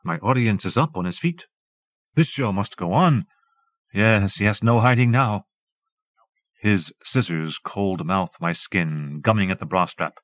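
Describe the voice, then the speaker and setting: A man narrating an audiobook in a measured literary reading, recorded close to the mic and transferred from an old cassette. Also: fairly low pitch, a bit bright, no room sound, highs cut off.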